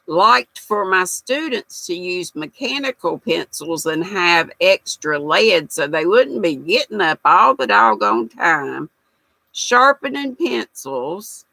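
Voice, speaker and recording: A woman's voice: lowish voice, gravelly, bright, forceful tone, dry recording, low-quality recording. An older woman hosts a casual livestream, reading out viewer comments in a chatty, folksy manner. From United States. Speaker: livestream host reading chat. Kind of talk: casual chat.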